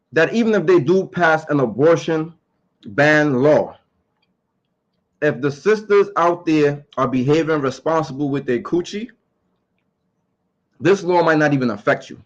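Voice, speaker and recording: A man's voice: a little high, measured pace, pauses often, muffled recording. A man giving his opinions in a casual monologue to camera. He talks emphatically, repeats his points and asks rhetorical questions.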